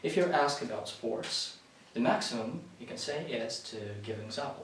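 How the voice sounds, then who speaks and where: A man's voice: medium pitch, normal speed. A man whose first language is Russian teaches an English speaking-exam lesson, explaining tips and often restarting and correcting himself. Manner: instructive, with frequent restarts and self-corrections. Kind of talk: spoken exam-prep lesson. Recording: very echoey room, far from the mic, faint hiss.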